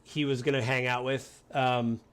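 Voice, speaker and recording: A man from the United States hosting a casual podcast chat, rambling and acting out quotes in animated voices. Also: mid-range voice, a little slow, smooth. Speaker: podcast host.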